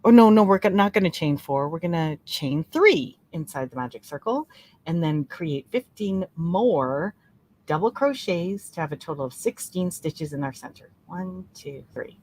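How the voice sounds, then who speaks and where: A woman leading a relaxed crochet-along tutorial, chatting and laughing, counting stitches aloud softly. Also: fairly low pitch. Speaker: crochet teacher. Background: soft relaxing music.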